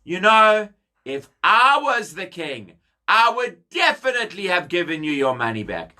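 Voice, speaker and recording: A man's voice: high voice, big pitch swings, measured pace, sharp tone, full character voice. A man voicing a scheming, charming young prince in a children's story, overfriendly and gushing.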